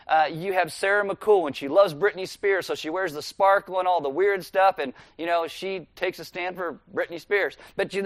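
A male pastor preaching a sermon in a relaxed, conversational way, walking listeners through scripture verse by verse. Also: high voice, no echo.

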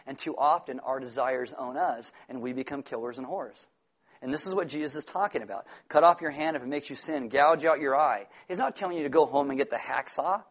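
Earnest preaching man, slightly high voice. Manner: earnest and emphatic, with sudden loud storytelling outbursts. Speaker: pastor. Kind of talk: sermon.

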